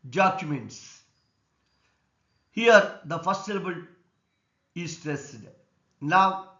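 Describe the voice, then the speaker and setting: A man with an Indian English accent teaching an English lesson on word stress, explaining slowly and deliberately. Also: sits high, fairly bright tone. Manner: slow, deliberate explanation, repeating words and stress rules. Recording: echoey room, dull lo-fi sound.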